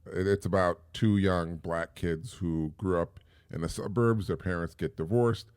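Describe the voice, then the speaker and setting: Low-voiced man, rambling podcast monologue. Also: fairly even intonation, measured pace, a little mellow, clear, resonant tone, no echo, studio quality. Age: middle-aged. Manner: rambling, with many restarts and repeated words. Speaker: podcast host. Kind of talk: casual monologue.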